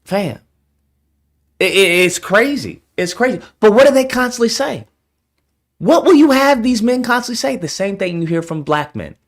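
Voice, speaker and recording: A man's voice: high voice, animated, moderate pace. A man commentating in a heated, exasperated, profane rant. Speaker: online commentator. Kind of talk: ranting commentary.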